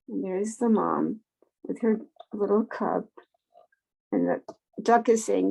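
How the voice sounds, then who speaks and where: Slow, gravelly woman reading a storybook. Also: mid-range voice, mellow. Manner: unhurried, gasps and pauses to point at pictures. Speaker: storybook reader. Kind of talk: reading a picture book aloud to children.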